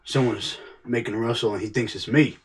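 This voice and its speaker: A man playing a touchy, traumatized male war veteran in an improvised comedy sketch, muttering low and gruff and then breaking into panicked shouts. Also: fairly quick, far from the mic, slight background noise, close to an everyday voice. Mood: gruff, solemn.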